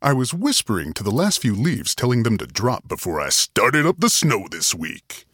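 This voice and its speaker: Man as cheerful winter spirit, husky voice, lively pitch, playful, dry close sound. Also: moderate pace, no room sound.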